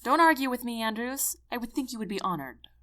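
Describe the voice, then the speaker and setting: A gruff, demanding army general barks short orders in a loud, clipped way, as a woman narrator plays him in her own voice. His delivery swings lively up and down in pitch, and the storybook reading stays close and plain. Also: a little fast. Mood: stern.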